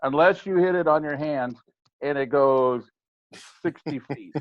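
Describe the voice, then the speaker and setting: In a casual podcast conversation, an older man who played ball and now coaches hitting explains baseball hitting emphatically and matter-of-factly. His voice is a little high and a little slow, and the sound is slightly dull and lo-fi.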